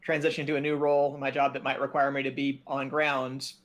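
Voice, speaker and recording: A man's voice: medium pitch, completely flat delivery, fast. A man co-hosting a casual podcast chat, joking and self-deprecating. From United States. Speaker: podcast co-host.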